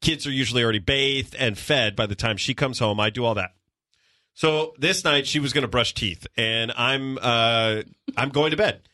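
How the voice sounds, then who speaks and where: A man on a podcast, telling comedic stories about his kids and acting out his family members in a high voice. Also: normal speed. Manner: animated storytelling, acts out family members in a high voice. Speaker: podcast co-host. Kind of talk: casual comedic chat.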